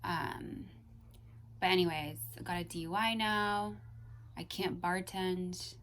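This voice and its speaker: A woman's voice: fairly low pitch, slow pace, fairly bright tone, a little hiss or hum. A young woman vlogger ranting to camera in an exasperated way, swearing and at times dropping into whispers.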